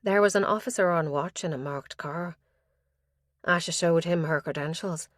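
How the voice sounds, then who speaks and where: A woman with a lowish voice reads a crime thriller in a measured, even way. She is close to the mic and the sound is dry, with no room around it. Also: no room sound. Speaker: audiobook narrator. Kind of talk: scripted narration.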